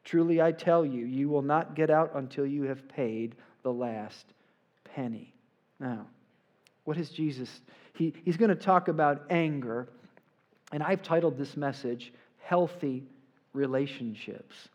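Emphatic male preacher, slightly high voice. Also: unhurried, lo-fi sound. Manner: emphatic preaching, swells louder on quotes, asks "right?". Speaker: pastor. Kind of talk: sermon. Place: church sanctuary before a congregation.

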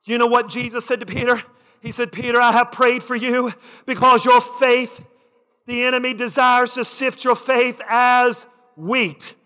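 A man preaching a sermon in a church, with rhythmic repetition that builds to shouted lines. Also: very high voice, level tone, unhurried. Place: church sanctuary. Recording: dull sound with long hall reverb.

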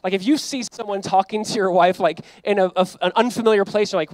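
A man's voice: sits high, steady tone, quick pace, dry recording. A male pastor preaching a sermon in a conversational way, full of asides and acted-out quotes. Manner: conversational preaching, acts out quoted voices, frequent "like".

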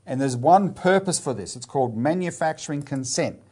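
A man's voice: on the high side, expressive, moderate pace, darkish tone, breathy edge. A man co-hosting a political commentary show, talking emphatically with a sarcastic edge. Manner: emphatic, sarcastic, mocking voices. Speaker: co-host.

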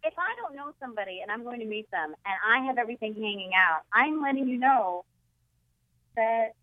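A woman's voice: a little high, expressive, a little fast. A woman calling in as a guest, chatting casually and joking, laughing often. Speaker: phone-in guest comedian. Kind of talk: casual chat. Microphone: phone line. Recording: tinny dry phone line.

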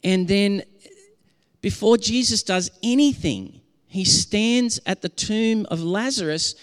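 A man's voice: high voice, smooth, big-room sound. A man preaching a sermon as pastor, earnest and impassioned, often restarting his sentences.

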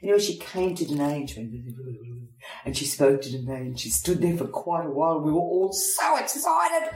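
Middle-aged Australian actress as guest, vivid theatrical storyteller, roomy echoing room. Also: female voice, rumbling low, a little fast, dark tone. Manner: theatrical storyteller, acts out quotes. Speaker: guest, head of acting. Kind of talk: anecdotal interview chat. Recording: roomy echo.

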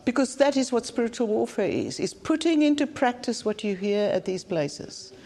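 A woman's voice: on the high side, big pitch swings, moderate pace, mellow. A South African woman preaching a conference sermon in an earnest, plain-spoken way, often repeating phrases for emphasis. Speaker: conference speaker.

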